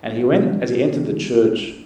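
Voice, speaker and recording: A man, a priest, giving an earnest, gentle sermon with pauses. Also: mid-range voice. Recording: echoey church with faint noise.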